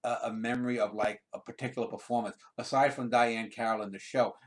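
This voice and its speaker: A male host asking long, meandering interview questions on a video call, often pausing and restarting. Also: medium pitch, steady tone.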